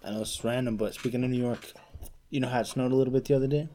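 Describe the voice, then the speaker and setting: A man's voice: medium pitch, fairly even intonation, rapid-fire, warm tone. A young man co-hosting a podcast, laid-back and slangy, laughing easily. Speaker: podcast co-host. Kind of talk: casual chat.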